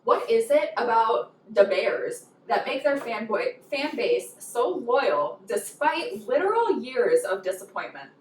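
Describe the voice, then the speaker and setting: A woman co-hosting a casual hot wing interview at home, talking in an animated, ranting way. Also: fairly high pitch, unhurried, hardly any pauses, a little hiss or hum. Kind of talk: casual chat. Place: home room. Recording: echoey room, mic far off.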